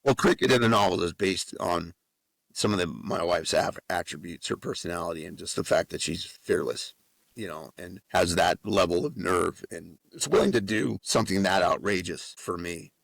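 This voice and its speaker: A man from New Mexico, a guest author and musician, telling an animated story on a podcast with a lot of swearing. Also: deep voice, moderate pace, vocal fry, dry recording. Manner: animated storyteller with frequent profanity. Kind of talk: casual storytelling.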